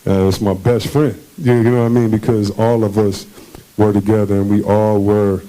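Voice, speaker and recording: A man's voice: on the low side, little pitch movement, normal speed, dark tone, low-quality recording. A man, a former basketball player being interviewed on a conference stage, tells his stories casually and animatedly, acting out the voices of people he quotes and laughing often.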